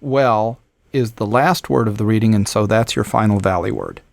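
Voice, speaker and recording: A man teaching a screen-recorded lesson, explaining step by step in a measured way with frequent ums and uhs. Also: fairly low pitch, gravelly. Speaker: instructor.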